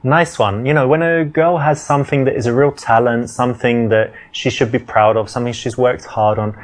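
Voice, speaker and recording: A man's voice: mid-range voice, steady tone, brisk. A man as dating coach, explaining and advising between scenes of a game in a matter-of-fact way. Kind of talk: instructional commentary.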